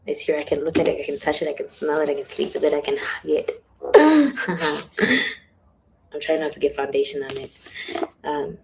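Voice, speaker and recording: Low, gravelly woman chatting on a livestream. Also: completely flat delivery, fast talker, poor audio. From South Africa. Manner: chatty, drops into hushed whispers. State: has a headache. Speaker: author on a livestream. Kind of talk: casual livestream chat. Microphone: phone or webcam livestream.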